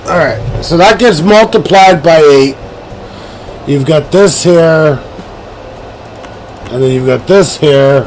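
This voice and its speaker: A man streaming a strategy game live, ranting, swearing and yelling at an in-game character. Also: fairly high pitch, slow, pauses often, slight background noise, rough recording. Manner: yells and swears at an in-game advisor; hotheaded, profane, joking rants.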